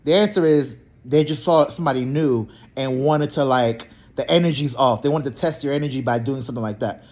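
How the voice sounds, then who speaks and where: A young man, a healthcare therapist, telling work stories in a blunt, slangy, animated way and acting out both sides of the talk. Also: medium pitch, brisk. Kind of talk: casual storytelling vlog.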